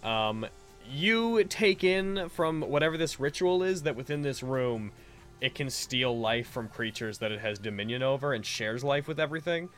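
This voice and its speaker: A man narrating as game master, giving rulings in a calm, matter-of-fact way with filler ums. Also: medium pitch, normal speed, soft background music.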